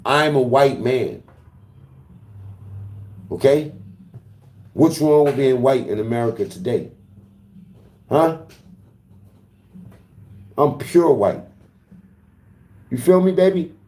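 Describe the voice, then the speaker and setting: A man's voice: medium pitch, lively intonation, slow, long pauses, warm tone, roomy sound. A man livestreaming in casual talk to his chat, taunting and profane as he trash-talks.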